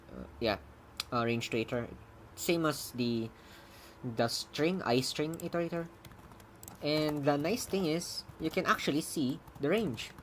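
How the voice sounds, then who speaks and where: Brief: easygoing coder on a stream, slow and chatty, animated pitch, quick to laugh. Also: slight background noise. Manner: rambling and self-correcting, laughs often, bursts into excited cheers. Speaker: programmer showing their own language. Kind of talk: casual coding stream commentary.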